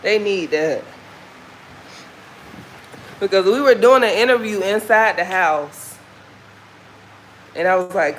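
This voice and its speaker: Woman, Southern American accent, casual walking vlog, candid and folksy, mid pitch, noisy street traffic behind. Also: slow, long pauses, a bit bright. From Southern United States. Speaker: vlogger. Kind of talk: casual chat while walking. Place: outdoors on a walk.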